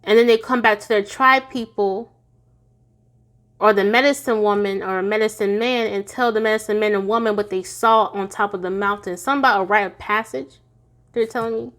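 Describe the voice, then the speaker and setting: A woman's voice: mid-range voice, fairly even intonation, brisk, a bit bright. A woman giving a casual tarot reading to her viewers, chatty and goofy, laughing often and sounding tired. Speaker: tarot reader.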